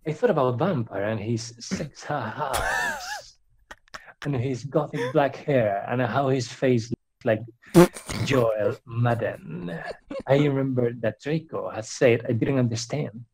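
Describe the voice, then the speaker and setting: A man's voice: mid-range voice, animated, slow pace, slight background noise. Giggly young man reading fan fiction. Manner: giggly, breaks into laughter often. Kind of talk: comedic dramatic reading with commentary.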